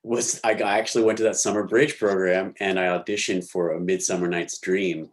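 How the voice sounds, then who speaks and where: Deep-voiced man telling animated stories. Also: brisk. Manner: animated storyteller, slangy, acts out quotes. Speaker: actor guest. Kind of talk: casual interview storytelling.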